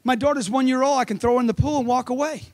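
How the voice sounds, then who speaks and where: A man's voice: very high-pitched, very fast, darkish tone. A man giving a live motivational seminar talk into a handheld mic, emphatic and firing off rhetorical questions. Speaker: motivational speaker.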